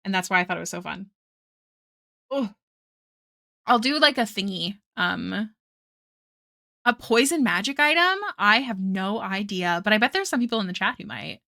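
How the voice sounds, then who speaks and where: A woman's voice: mid-range voice, animated, moderate pace, creaky, long pauses, sharp tone. A young woman streaming her art, chatting casually and rambling with frequent laughs while reading chat aloud.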